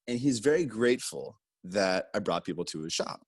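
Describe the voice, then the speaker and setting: A man casually telling a personal story, animated, jumping his voice up to act out what people said. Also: fairly quick, few pauses, dry recording. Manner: animated, acts out quotes with raised pitch. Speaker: guest storyteller.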